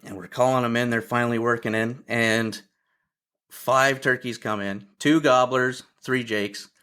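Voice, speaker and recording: A man's voice: medium pitch, a little slow, clear, resonant tone. Man from Ontario telling hunting stories. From Ontario, Canada. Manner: lively storyteller who acts out other people's quotes. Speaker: podcast guest. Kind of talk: casual hunting storytelling.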